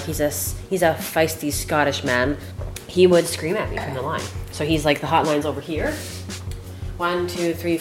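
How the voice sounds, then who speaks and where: A woman with a low voice tells kitchen stories and cooks at the same time, chatty and freely profane. Music plays clearly behind her. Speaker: chef, guest. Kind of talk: casual storytelling while cooking.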